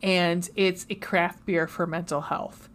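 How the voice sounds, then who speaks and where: A woman's voice: fairly low pitch, flat delivery, slow pace, a bit bright. Casting: woman, podcast co-host, chatty and hesitant, lots of ums. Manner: hesitant, many ums, tearful at times. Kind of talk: casual podcast chat.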